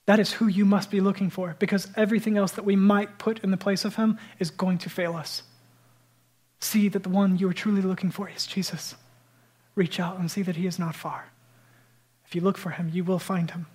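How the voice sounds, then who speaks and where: A male pastor delivering a sermon in a fairly high voice. He talks in a casual, conversational way with fillers, and he builds to fervent emphasis at key points. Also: steady tone, fairly quick, darkish tone, slightly rough.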